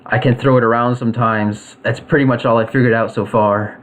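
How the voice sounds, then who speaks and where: A man's voice: mid-range voice, steady tone, brisk, fairly bright tone, close to an everyday voice, low-quality recording. A man voicing a resentful young male villain with wind powers, complaining in a sulky way.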